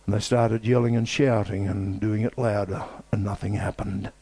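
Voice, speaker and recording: A man with a fairly low voice preaches a sermon. He uses emphatic, repeated lines and dramatic pauses. His tone is warm and mellow, and the sound is dry and close. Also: fairly even intonation, slightly rough, no room sound.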